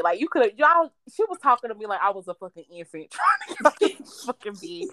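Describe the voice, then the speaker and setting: A woman co-hosting a podcast, telling a story in a profane, animated way and laughing as she goes. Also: medium pitch, a little fast, few pauses, no room sound. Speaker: podcast co-host. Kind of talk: casual storytelling chat.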